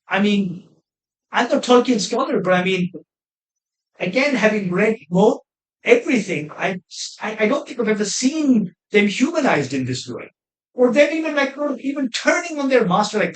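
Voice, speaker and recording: High-voiced man, exasperated reaction commentary. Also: a bit bright. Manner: rambling, exasperated and opinionated, with many asides. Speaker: film reviewer. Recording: echoey room.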